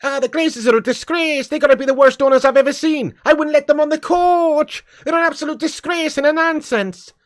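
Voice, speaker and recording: A man's voice: very high voice, fairly quick, few pauses, pitched above the performer's own voice. A man putting on a furious, indignant football pundit, ranting in a raised voice. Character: gruff angry male football pundit, raging.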